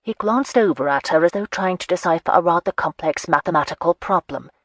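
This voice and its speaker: A woman narrating a romance audiobook in a steady, even storytelling manner. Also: lowish voice, brisk. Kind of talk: scripted narration.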